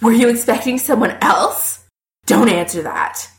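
A woman's voice: fairly high pitch, animated, unhurried. A woman voicing a drunk, angry young man who curses and rants. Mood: drunk cursing. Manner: slurred cursing, dramatic outbursts.

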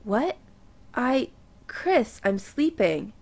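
A woman voicing an eager, passionate adult man in an audio story, with a breathy, intimate delivery. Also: a little high, sing-song, drawn-out words, voice pushed up, exaggerated voice. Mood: sleepy.

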